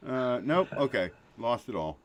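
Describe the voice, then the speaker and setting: A man hosting a casual livestream, excitable, swearing and laughing often, trailing off mid-sentence. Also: medium pitch, measured pace. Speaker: show host.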